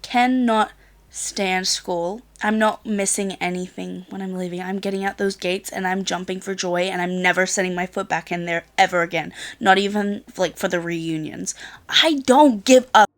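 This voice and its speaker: Rambling teen girl with vocal fry. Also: on the low side, level tone, moderate pace. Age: late teens. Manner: rambling storyteller, filler-heavy with frequent "like", swears. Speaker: vlogger. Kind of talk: casual chat to camera.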